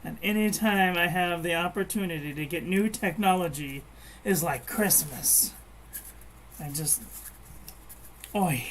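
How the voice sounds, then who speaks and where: A woman's voice: lowish voice, measured pace, slight background noise. A woman chatting casually while she crafts at home, rambling and meandering, with frequent restarts. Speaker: crafting vlogger.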